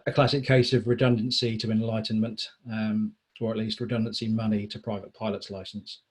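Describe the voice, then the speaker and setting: A man with a low, slightly husky voice presents a business webinar. He talks in a steady, self-described monotone and drops in dry, wry asides. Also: brisk, poor audio. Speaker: procurement consultant and speaker.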